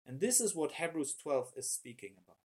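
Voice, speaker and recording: A man preaching a sermon in an animated way, often repeating words as he searches for the right phrase. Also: fairly high pitch, fairly quick, breathy edge.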